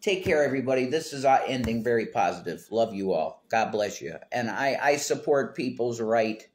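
A man's voice: mid-range voice, animated, moderate pace. A man hosting a casual home livestream, reading chat comments aloud, rambling and swearing bluntly.

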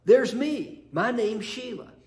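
A man's voice: very high-pitched, animated, slow pace, a little mellow, reverberant, voice pushed up, heavily acted. A man voicing a talkative housewife who keeps patiently listing everyone living in her home, in a chapel. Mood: chatty. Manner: chatty, listing, slightly exasperated. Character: talkative middle-aged Southern housewife, patient and insistent.

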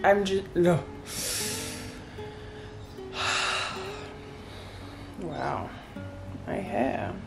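A young woman vlogging to her viewers from a bright white bedroom, talking candidly and a little wearily as if on a casual video chat. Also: fairly low pitch, vocal fry. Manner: tired, candid and rambling. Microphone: phone camera, close. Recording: faint guitar music underneath.

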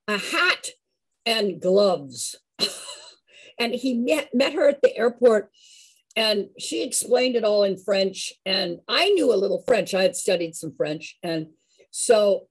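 A woman in her sixties telling a personal story in an animated, chatty way, with a husky voice. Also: a little high, low-quality recording. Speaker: show regular.

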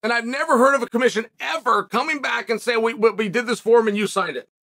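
A man's voice: extremely high pitch, fast, pushed and bright. A man hosting an opinionated commentary monologue, speaking in an emphatic, argumentative way with sarcastic asides. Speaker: host.

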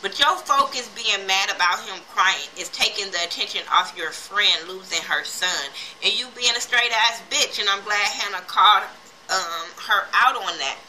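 A woman recaps a TV drama episode in loose, profane commentary. Her voice is bright and edged, and she pushes hard into each reaction. Faint noise sits under the recording. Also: medium pitch, normal speed, rough recording. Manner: animated, profane, heated reactions; retells scenes quoting characters. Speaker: TV episode reviewer.

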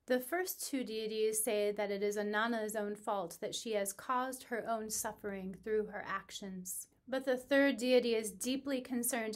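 With a medium-pitched voice, a woman who teaches spirituality narrates a myth calmly and deliberately. Her delivery eases and softens whenever the words turn solemn.

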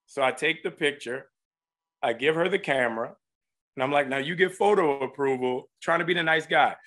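A man telling a funny story as an interview guest, lively and laughing, acting out the voices of people in it. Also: a little high, moderate pace. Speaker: guest actor. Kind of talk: animated anecdote telling.

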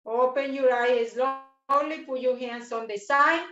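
Slow, encouraging high-voiced woman instructor. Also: fairly bright tone. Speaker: yoga and meditation instructor. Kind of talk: guided breathing and chair yoga class. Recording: roomy, distant, dull video-call sound.

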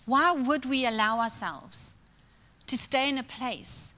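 Woman preacher, bright and higher voice, lively storytelling sermon in a reverberant church hall. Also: slow. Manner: storytelling, acts out quoted dialogue. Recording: long reverb of a large hall.

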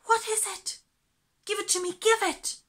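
A woman voicing an eager, excitable young girl in a storybook, high and breathless. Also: measured pace. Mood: excited.

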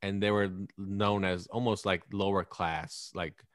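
A man's voice: low-pitched, little pitch movement, a little slow, dry recording, studio quality. A man in his thirties hosting a podcast, talking in a blunt, rambling, profane way. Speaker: podcast host. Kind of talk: casual podcast chat.

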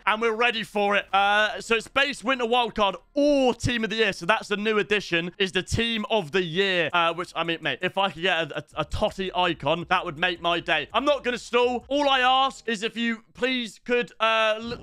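Young British male streamer, excitable banter; bright, crisp voice. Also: high voice, dry recording. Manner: excitable banter, bursts of shouting at goals. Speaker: gaming streamer. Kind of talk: live gaming commentary.

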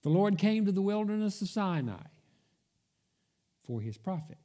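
A man's voice: high-pitched, sing-song, normal speed, mellow. A man preaching a sermon, telling the story in a storytelling manner, acting out the quoted voices and dropping almost to a whisper for emphasis. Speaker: pastor. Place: church.

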